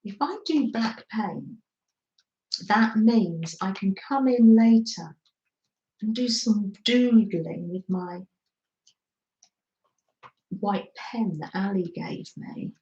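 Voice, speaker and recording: Slow-talking English woman crafter. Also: mid-range voice, lively intonation, mellow, roomy sound, highs cut off. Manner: chatty, gushing with frequent little laughs. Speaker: craft livestream host. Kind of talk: live-stream crafting chat.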